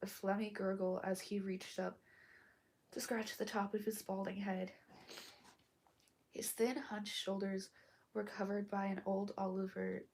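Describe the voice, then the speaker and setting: A woman reading a story aloud while sick and hoarse, coughing between lines and often dropping to a whisper. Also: medium pitch, little pitch movement, a little mellow, slight background noise. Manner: slow, halting, often drops to a whisper. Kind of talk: casual live read-aloud with asides.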